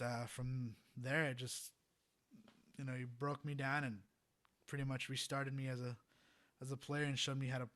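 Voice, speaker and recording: A young adult man, a trumpet player, telling a story as a podcast guest in a rambling, animated way, laughing often and filling with "you know". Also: medium pitch. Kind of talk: casual storytelling in a podcast interview.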